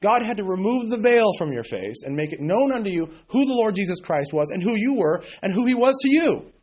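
A man's voice: high voice, very animated, brisk, darkish tone, slightly rough. A man preaching an informal sermon, blunt and sarcastic, with folksy asides. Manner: mocks emotional prayers in exaggerated voice.

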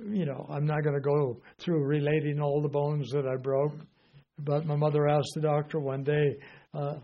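Older guy preaching, rambly and folksy, lots of uh's, dull lo-fi sound. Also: a little high. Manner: rambling, folksy, many fillers. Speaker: Bible teacher. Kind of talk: informal sermon. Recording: dull lo-fi recording.

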